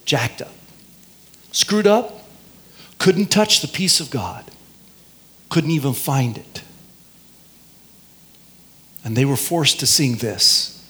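A male pastor with a notably high voice delivers a lively sermon. He stretches out key phrases and has the congregation repeat lines after him.

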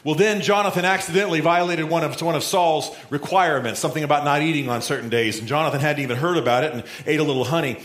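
Animated storytelling preacher, echoey room. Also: male voice, on the high side, fast talker, few pauses. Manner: storytelling, animated, acts out quotes. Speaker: pastor. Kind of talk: sermon. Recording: roomy echo.

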